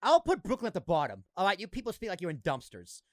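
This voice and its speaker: A man's voice: high voice, wildly swooping pitch, fast, darkish tone, no echo, clean studio sound. A young man from Boston with a slight Boston accent, hosting a casual podcast chat and cracking jokes as he talks over his guest. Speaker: podcast host.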